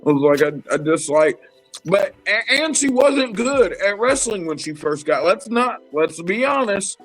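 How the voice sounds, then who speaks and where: Animated, profane man talking wrestling. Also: sits high, a little slow, faint music behind, low-quality recording. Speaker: podcast co-host. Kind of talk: casual wrestling chat.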